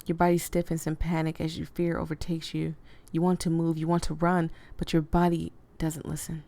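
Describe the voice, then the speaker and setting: Woman streamer, lowish voice, reads game text aloud and reacts with feeling. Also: monotone, normal speed, gravelly, dark tone. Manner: emotional, reacts openly to the story. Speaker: let's play gamer. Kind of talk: reading a visual novel aloud with reactions.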